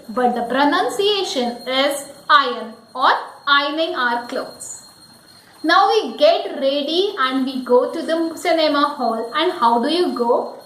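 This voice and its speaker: A woman teaching pronunciation, slowly repeating each word several times. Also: high-pitched, pushed and bright, reverberant, rough recording. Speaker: English teacher. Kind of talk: pronunciation lesson.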